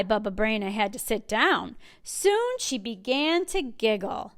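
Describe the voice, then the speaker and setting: A woman working as a children's librarian, reading a picture book aloud with clear, expressive storytelling. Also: on the high side, a little slow, hardly any pauses, no room sound, clean studio sound.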